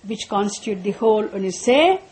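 A woman teaching a class on Sanskrit mantras. She explains patiently, often repeats and restarts her phrases, and chants some lines slowly. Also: mid-range voice, animated, darkish tone.

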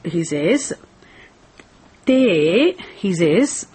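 Husky-voiced woman teaching scripture slowly. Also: fairly low pitch, sing-song, dark tone. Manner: deliberate, repeats phrases, asks rhetorical questions. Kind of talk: slow scripture lesson.

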